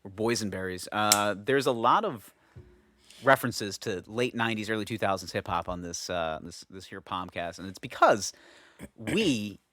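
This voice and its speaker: A man's voice: lowish voice, normal speed, pushed and bright, no room sound. A man co-hosting a podcast, rambling and joking in casual chat. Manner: jokey, rambling, slips into quoted voices. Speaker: podcast co-host.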